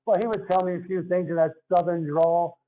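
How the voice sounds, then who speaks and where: A man's voice: sits high, fairly even intonation, brisk, warm tone, a little hiss or hum, low-quality recording. An older man with a Philadelphia accent, a guest telling stories in an earnest, conversational way. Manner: earnest, storytelling. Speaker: guest, retired basketball referee. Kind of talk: casual interview talk.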